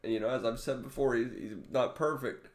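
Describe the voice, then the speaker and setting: A man talking straight to his viewers in an emotional personal vlog, his voice close to tears and breaking into halting restarts. His pitch sits in an ordinary middle range. The sound carries a noticeable room echo. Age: adult father. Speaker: vlogger.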